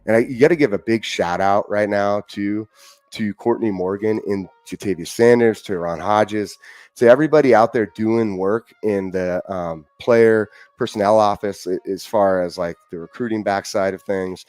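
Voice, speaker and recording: A man's voice: on the low side, normal speed, darkish tone, no echo. A man from the Northwest hosting a casual, upbeat live sports stream, greeting viewers in the chat and repeating himself often. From Washington state, US. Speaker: livestream host.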